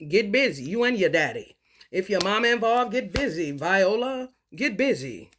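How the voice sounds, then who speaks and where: A woman in a profane, confrontational spiritual monologue, swinging between low mutters and loud outbursts. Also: big pitch swings, normal speed, background noise. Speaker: vlogger.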